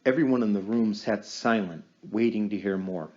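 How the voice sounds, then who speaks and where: A man narrating an audiobook in a measured storytelling manner. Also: on the low side, darkish tone, muffled recording. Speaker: audiobook reader.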